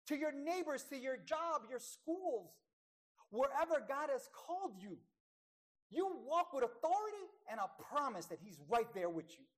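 A woman with a fairly high voice preaches an emphatic sermon, swinging between hushed and loud tones. She stretches out the key words.

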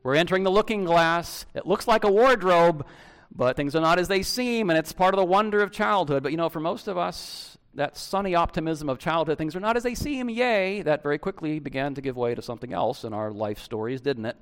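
In a smooth, fairly quick voice that's a little high, a pastor preaches with energy and a chatty style. He often begins sentences again and asks his congregation questions point-blank.

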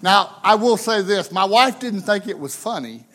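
A man's voice: sits high, animated, normal speed, fairly bright tone. A pastor from the United States telling a funny story in a sermon. He is folksy and chatty and often tags his lines with questions.

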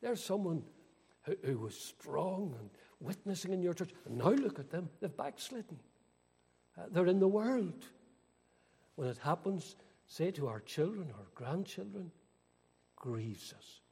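A man's voice: high voice, sing-song, unhurried, creaky, warm tone, slightly rough. An older man preaching a sermon earnestly, with dramatic rises and falls. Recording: long hall reverb.

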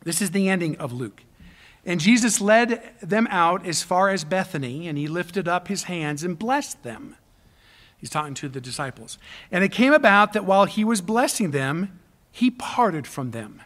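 A man preaching a sermon, emphatic, swinging between loud appeals and hushed near-whispers. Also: sits high, animated, moderate pace.

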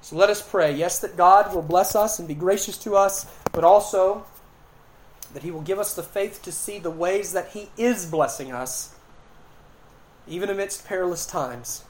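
A man's voice: sits high, moderate pace, a little hiss or hum, rough recording. A man preaching a sermon, retelling scripture with dramatic voices and earnest appeals. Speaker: pastor.

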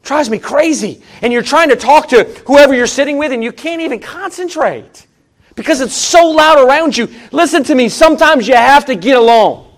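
A middle-aged male pastor preaching a sermon in a conversational way, repeating his phrases and swinging between emphatic rises and low, quiet asides. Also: moderate pace.

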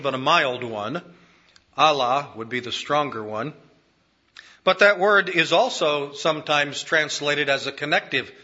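A man preaching a sermon in a measured, emphatic way, repeating key phrases for weight. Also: fairly high pitch, bright, forceful tone, dull audio.

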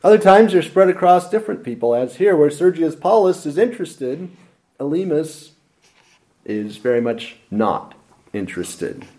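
A man preaching a lively expository sermon with dramatic emphasis. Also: a little high, normal speed.

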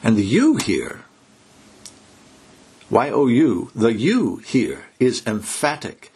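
A man preaching a sermon, exhorting his listeners and slowing down to stress key words. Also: mid-range voice, expressive, darkish tone, slightly rough. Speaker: pastor.

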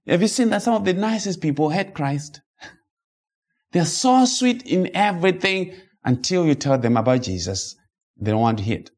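A man delivers an expository sermon in an emphatic, rhetorical style, reading scripture slowly and dramatically. His delivery is sing-song and a little mellow, broken by sudden high-pitched outbursts.

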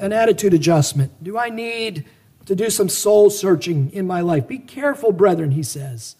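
A man's voice: high voice, darkish tone. A man preaching a sermon, pressing his listeners with a string of searching rhetorical questions and earnest exhortations.

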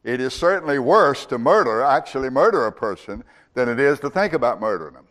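A man's voice: mid-range voice, expressive, fairly quick, fairly bright tone. A man preaching a sermon as a pastor, reciting scripture and speaking God's words in the first person.

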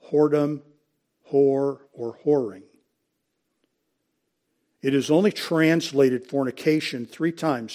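A man's voice: medium pitch, darkish tone. A male preacher teaching from scripture. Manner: expository preaching, citing verses and addressing the congregation as folks; clears his throat now and then. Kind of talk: sermon.

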